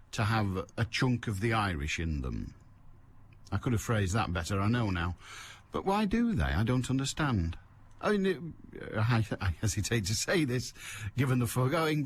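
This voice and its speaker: Older male phone-in host; dry, self-deprecating, digressive delivery with a lively pitch. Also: a little hiss or hum. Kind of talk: rambling solo radio chat. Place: radio studio. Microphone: studio mic.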